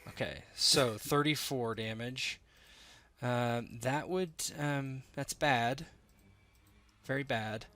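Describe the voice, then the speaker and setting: Male game master, slow and deliberate, gravelly and bright-toned, talks rules through with lots of "um"s. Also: medium pitch. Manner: explains rules, thinks aloud with many fillers. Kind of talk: running a tabletop game online.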